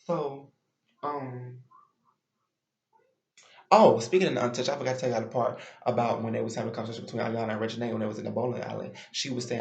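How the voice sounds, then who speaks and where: A man's voice: medium pitch, steady tone, quick pace, a little mellow, roomy sound, muffled recording. A man giving a chatty, opinionated and sassy recap of a reality show in casual commentary.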